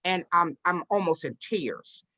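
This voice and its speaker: Woman on an interview telling a story, kinda low voice, does all the voices. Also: unhurried. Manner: animated storyteller who acts out quoted voices. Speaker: real estate investor and business owner, interview guest.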